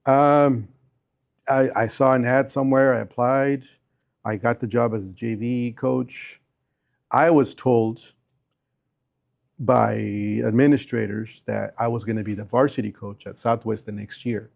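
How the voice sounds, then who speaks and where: A man in his fifties from Bolivia, a teacher and coach, telling stories in a relaxed interview and often repeating his answers. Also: mid-range voice, unhurried, gravelly. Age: 50s. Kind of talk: casual interview.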